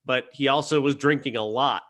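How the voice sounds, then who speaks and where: A man's voice: mid-range voice, steady tone, brisk, a bit bright. A man reviewing a film on a podcast, talking earnestly and casually, with frequent restarts and self-corrections. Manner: earnest, hesitant with many restarts.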